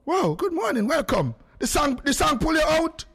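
A man with a Jamaican accent hosting a lively call-in radio show, talking in patois and breaking into sung lines. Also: very high-pitched, normal speed, gravelly.

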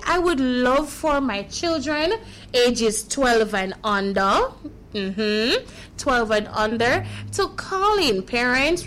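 A woman's voice: a little high, fairly bright tone, slight background noise. A woman hosting a children's radio show, chatting playfully with kids on air and laughing at her own slips.

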